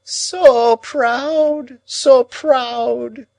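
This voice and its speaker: A man's voice: sing-song, slow, no echo, full character voice, poor audio. Miss Havisham, a shrieking old woman, voiced by a man. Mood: anguished. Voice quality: high, strained, wailing. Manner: moaning, dragged-out lament. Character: old anguished jilted woman, wild and shrieking. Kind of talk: audiobook character reading.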